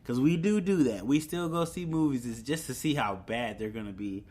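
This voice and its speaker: A man's voice: mid-range voice, normal speed, a little mellow. A young man hosting a solo podcast, chatting casually about movie news with fillers and chuckles. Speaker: podcast host.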